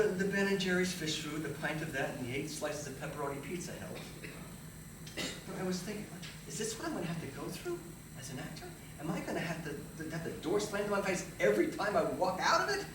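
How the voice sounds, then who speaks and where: A man telling his story in a one-man theater monologue, animated and self-mocking. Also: high-pitched, fast, background noise. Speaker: solo stage performer. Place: theater stage. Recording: live stage, distant roomy hall.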